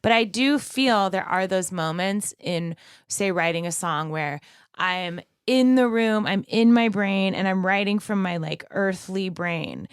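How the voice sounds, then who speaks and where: Chatty woman podcast co-host, smooth clear voice, dry close mic. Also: mid-range voice, a little slow, dry recording. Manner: chatty, animated, laughs often. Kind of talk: casual podcast conversation.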